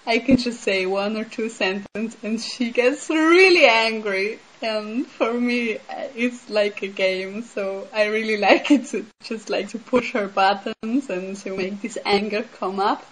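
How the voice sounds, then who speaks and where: Slow, earnest woman. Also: a little high, slight background noise, poor audio. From Switzerland. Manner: earnest, reflective, with many "like" and "um" fillers. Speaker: speaker sharing personal insight. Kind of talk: casual spiritual talk.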